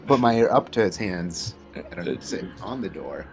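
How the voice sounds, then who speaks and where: Low-voiced hesitant man playing a tabletop game. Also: lively intonation, normal speed, a little mellow, faint music behind. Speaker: player. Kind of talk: casual tabletop game chat.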